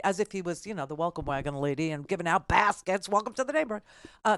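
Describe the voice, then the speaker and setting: A combative woman talk radio host in middle age, indignant and exasperated. Her voice sits at an ordinary pitch and sounds dry and close, with no room around it. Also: clear, resonant tone, dry recording. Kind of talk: political talk radio monologue.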